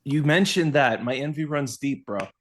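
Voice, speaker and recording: A man's voice: mid-range voice, animated, normal speed. Player, male, teasing, laughs a lot between lines. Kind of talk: casual tabletop play.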